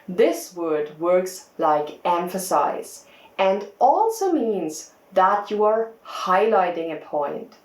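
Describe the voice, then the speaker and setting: A woman teacher giving a scripted English test-prep lesson, explaining words clearly and deliberately. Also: on the low side, echoey room, rough recording.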